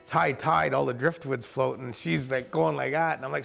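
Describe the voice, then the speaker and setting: A man, a kayak camp owner, telling a story in casual, animated fashion and acting out other people's voices. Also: mid-range voice, brisk, vocal fry. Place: outdoors at a rocky bay.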